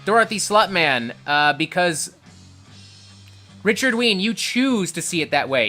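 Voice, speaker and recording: A man's voice: sits high, sing-song, a little slow, pauses often, bright, forceful tone, faint music behind. A man hosting a livestream, reading chat and ranting in a profane, combative way. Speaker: livestream host.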